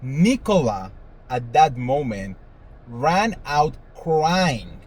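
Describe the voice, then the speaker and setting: A man's voice: medium pitch, sing-song, drawn-out words, a little mellow, husky, poor audio. A man hosting a celebrity gossip show, talking casually in a sassy, dramatic way and swearing freely. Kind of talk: casual commentary monologue.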